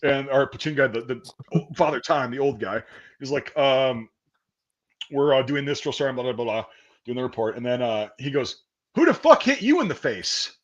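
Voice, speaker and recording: Profane, animated storytelling man. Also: medium pitch, moderate pace, dull audio. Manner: profane, animated storyteller, acts out quoted voices. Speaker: podcast host. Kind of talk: casual chat, storytelling.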